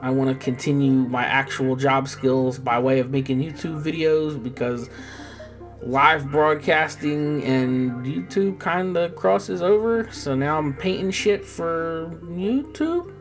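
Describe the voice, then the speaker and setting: A man's voice: a little high, slow pace, soft background music. A young man who paints miniatures, chatting casually and rambling with jokes and swearing, often trailing off.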